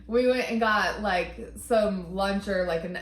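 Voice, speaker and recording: A woman's voice: mid-range voice, slow pace, roomy sound, a little hiss or hum. A woman co-hosting a casual podcast, talking candidly and expressively and swearing freely. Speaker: co-host.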